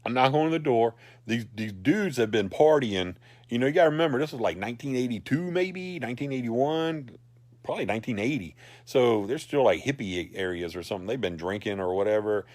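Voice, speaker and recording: A man, animated and rambling as he tells a personal story to a group. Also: medium pitch, brisk, no echo. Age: 40s. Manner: rambling, animated, laughs through his lines.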